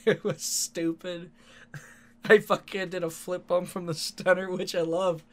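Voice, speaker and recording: A man's voice: high-pitched, level tone, takes it slowly. A man telling rambling wrestling stories in casual talk, swearing freely and laughing often. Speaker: independent wrestler. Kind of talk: casual storytelling monologue.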